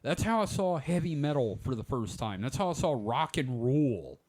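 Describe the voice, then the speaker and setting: A man's voice: mid-range voice, big pitch swings, moderate pace, darkish tone. Podcast host dude in his 40s, rambling chatty stories, voice swoops up and down a lot. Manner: rambling storyteller, many "like" fillers. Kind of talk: casual chat.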